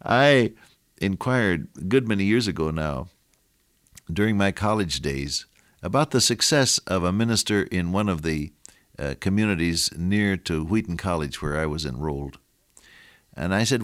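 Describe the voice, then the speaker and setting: A man's voice: low voice, animated, normal speed, a bit bright, no echo, clean studio sound. An older man preaching a radio sermon, telling stories and exhorting his listeners with earnest repetition.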